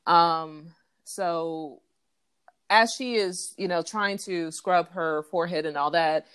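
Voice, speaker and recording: A woman co-hosting a casual chat, recapping a TV episode in a relaxed way, with many fillers. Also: on the low side, takes it slowly, smooth, no room sound. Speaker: podcast co-host recapping a TV episode.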